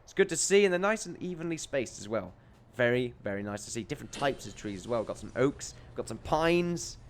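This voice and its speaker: A young man with an English accent talks through a video game as he plays. His voice sits at an ordinary middle pitch, and he rambles from thought to thought, cracking small jokes and chuckling to himself. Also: sing-song, brisk. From England. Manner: rambling, jokey, chuckles often. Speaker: let's play host.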